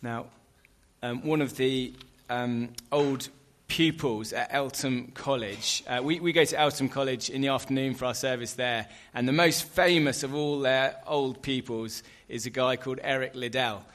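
A man preaching a sermon in a relaxed, conversational way, with fillers and light asides. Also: mid-range voice, normal speed.

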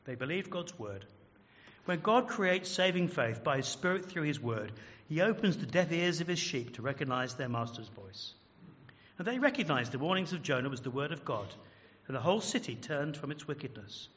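A man's voice: on the high side, animated, moderate pace, fairly bright tone, in a large hall, lo-fi sound. A man preaching a sermon as pastor, earnest and emphatic, often asking the congregation questions. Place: large church.

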